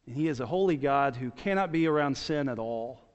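A man's voice: medium pitch, expressive, fairly quick. A man preaching a sermon as pastor, earnest, repeating his key points and restarting phrases. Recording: dull sound with long church reverb.

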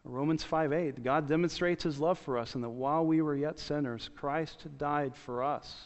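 Speaking at a moderate pace in a voice on the high side, a male pastor delivers an earnest sermon. He keeps circling back to his main points and starting phrases over. Long church reverb fills the dull-sounding recording.

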